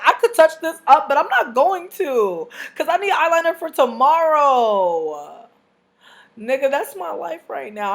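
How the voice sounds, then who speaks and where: Speaking to camera in a medium pitch, a young vlogger tells a story in the style of a casual rant. Her manner is loud-mouthed and full of swearing, with big, animated shifts in how she delivers it.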